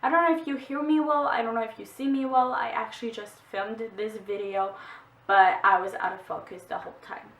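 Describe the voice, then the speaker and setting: A woman's voice: fairly high pitch, steady tone, brisk, a little hiss or hum. A young woman with a Québécois French accent, French her first language, chatting casually about her books with lots of "like". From Quebec, Canada. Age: young adult. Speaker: booktuber. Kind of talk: casual book haul vlog. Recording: echoey room, distant mic.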